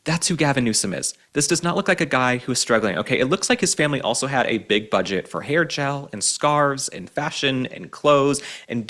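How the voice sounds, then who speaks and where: A man hosts a political commentary show at a mid-range pitch. He talks in a sarcastic, combative way and keeps mocking his target. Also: fairly bright tone.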